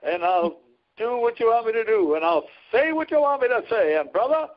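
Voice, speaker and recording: A man's voice: extremely high pitch, animated, fairly quick, pitched above the performer's own voice. A man imitating a famous older male evangelist, preaching in a rising cadence, on a dull lo-fi recording. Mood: fervent.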